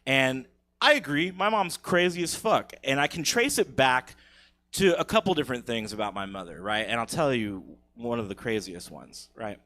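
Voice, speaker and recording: A man's voice: mid-range voice, expressive, moderate pace, sharp tone. A man in his thirties doing a crude, profane stand-up comedy set on a theater stage, laughing at his own jokes.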